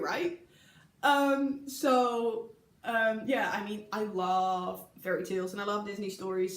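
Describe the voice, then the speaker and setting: Giggly Dutch young woman, echoey room. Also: mid-range voice. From Netherlands. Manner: chatty, giggly, many ums, acts out quoted people. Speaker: vlogger recalling an exchange year. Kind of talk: casual storytelling to camera.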